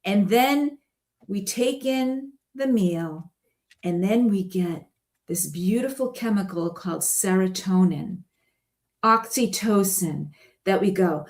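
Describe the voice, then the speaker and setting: A woman's voice: medium pitch, slow pace. A woman guest in casual conversation, telling stories in a chatty way and laughing often. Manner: chatty storytelling with frequent laughs.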